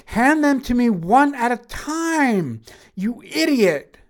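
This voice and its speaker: Woman putting on a shrill pixie for a storybook, cruel and commanding, pitched up. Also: big pitch swings, slow pace. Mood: impatient. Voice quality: shrill, screeching. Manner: snapping, commanding. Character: tiny cruel bossy female pixie.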